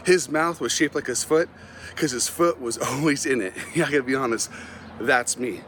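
Animated, self-mocking man speaker. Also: medium pitch, moderate pace, slight background noise. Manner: self-mocking, often laughs at his own stories. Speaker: Christian motivational speaker. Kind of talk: humorous storytelling talk.

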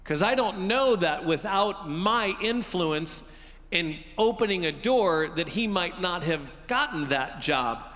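Bright-toned pastor in a reverberant hall. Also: male voice, high voice, animated, slow pace. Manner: conversational, humorous, acts out listeners' reactions. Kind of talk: sermon. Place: church sanctuary. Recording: long reverb of a large hall.

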